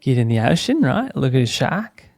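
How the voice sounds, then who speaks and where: A man's voice: medium pitch, sing-song, normal speed, a little mellow, no room sound. A man putting on the voice of a laid-back Australian surfer bloke, swaggering and slangy, with an Australian accent. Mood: jokey. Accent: Australian (put on).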